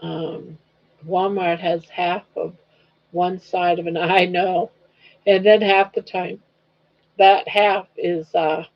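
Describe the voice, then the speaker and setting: A woman's voice: lowish voice, gravelly. An older woman hosting a casual livestream chat, rambling along, reading viewers' comments aloud and cooing at her dog. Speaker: livestream host. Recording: dull lo-fi livestream audio.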